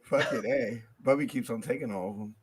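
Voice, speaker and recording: A man on a casual home sports podcast chats in a mid-pitched, everyday voice. He rambles with slang, swearing and lots of fillers. His speech is loose and unpolished. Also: fairly quick, husky. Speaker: podcast co-host.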